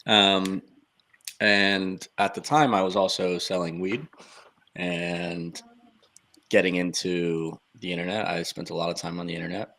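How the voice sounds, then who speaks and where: A man's voice: low-pitched, little pitch movement, a little slow, fairly bright tone. A man on a podcast casually telling how he got started, in loose, offhand, clipped sentences. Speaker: podcast guest. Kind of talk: casual storytelling chat.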